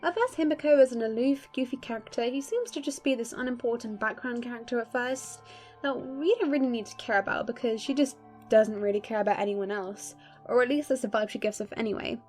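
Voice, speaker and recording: Young woman, slightly high pitch, gushing fan commentary, emphatic and swearing, faint music behind. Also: fairly quick, darkish tone. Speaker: video creator.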